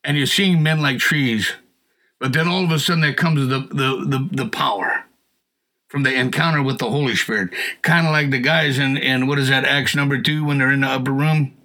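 A man's voice: medium pitch, moderate pace, low-quality recording. A man sharing a personal faith testimony in casual conversation, acting out the people he quotes. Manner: animated storyteller who acts out quotes and laughs.

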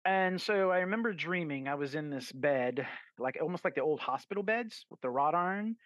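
A man's voice: fairly high pitch, animated, a little fast, a bit bright, no echo. A man, a guest author, telling a story in a casual podcast interview, rambling with fillers and restarts and acting out his own quoted lines. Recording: dull, lo-fi and dry.

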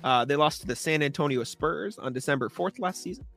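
A young man on a sports podcast, working himself into a sarcastic, exasperated rant full of throat clearing. His voice sits a little high and sounds bright. Faint music plays underneath. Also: lively intonation, fairly quick. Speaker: podcast co-host.

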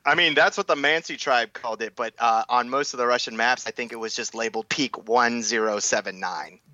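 A man's voice: medium pitch, fairly quick, bright, forceful tone, dry recording, muffled recording. A man co-hosting a casual podcast who explains details and corrects the others. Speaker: podcast co-host.

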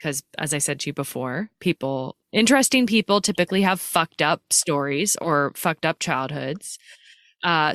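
A woman's voice: sits low, a bit bright, no room sound, studio quality. A woman hosting a podcast, chatty and frank, laughing easily and swearing casually. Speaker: podcast host. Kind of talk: casual interview conversation.

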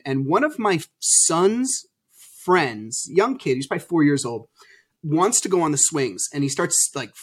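A man as a podcast guest, telling his story candidly over a video call and acting out old arguments with sudden loud bursts. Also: on the high side. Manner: animated, acts out past arguments.

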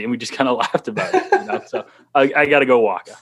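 A man's voice: medium pitch, quick pace, a bit bright. A man with a slight Boston accent chatting casually as a podcast guest, laughing through his stories. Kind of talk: casual chat.

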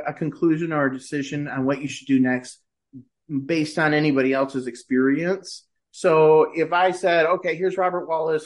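A middle-aged man, a podcast guest, telling a personal story in casual conversation and lifting his voice when he quotes himself. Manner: animated, shifts pitch when quoting himself.

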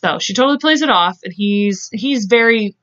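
A podcast host at home recounts a true-crime tale in a chatty style, performing quotes in voices and often laughing. She has a mid-range, somewhat bright voice, animated at a moderate pace. The lo-fi podcast mic sounds dull.

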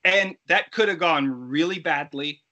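A middle-aged man, a guest actor, telling lively stories in a casual interview and acting out the people he quotes. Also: fairly high pitch, measured pace. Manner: animated, acts out quoted voices. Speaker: guest actor and effects artist.

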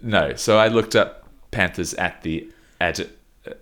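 A man's voice: low voice, a little slow, a bit bright. A man co-hosting a casual podcast, telling long rambling stories and laughing often. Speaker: podcast co-host.

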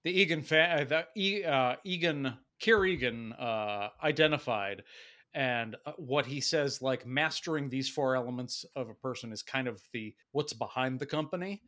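A man's voice: mid-range voice, normal speed, bright, forceful tone. A man in casual podcast talk, explaining at length with frequent hesitant restarts. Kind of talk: casual chat.

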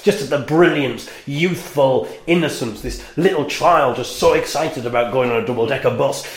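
A man with a gravelly edge tells a rambling, wry story as host of his own podcast. His voice sits at a middling pitch. It bounces around a small, echoey toilet room. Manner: rambling, wry and self-mocking. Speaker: podcast host and band member. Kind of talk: casual storytelling monologue. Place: venue toilet with a shower.

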